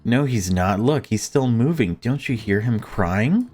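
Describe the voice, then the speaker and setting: A man voicing a frantic, grieving mother in a horror game, pitching his voice up. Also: lively intonation, a little slow, darkish tone. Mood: desperate.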